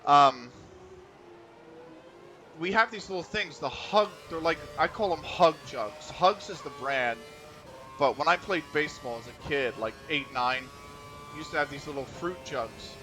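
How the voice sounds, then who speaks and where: Over music, a man from the United States plays a racing game on stream and rambles through chatty stories, laughing frequently as he goes. His voice sits a little high and moves a little slowly.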